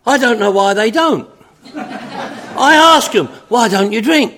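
A man's voice: high-pitched, expressive, slow pace, fairly bright tone, slight background noise. A man speaking to an audience at a recovery meeting, telling his story in a folksy, drawling, joking way with lots of repetition.

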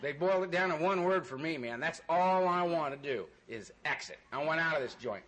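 A man's voice: fairly high pitch, lively intonation, brisk, fairly bright tone. A man telling a loose, laughing, self-mocking story to an audience and acting out voices. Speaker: speaker sharing his recovery story.

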